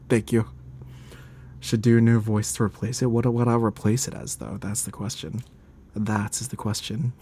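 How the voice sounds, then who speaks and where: A man's voice: lowish voice, expressive, moderate pace, slight background noise. A man streaming a game, chatting casually, laughing often and grumbling about the game.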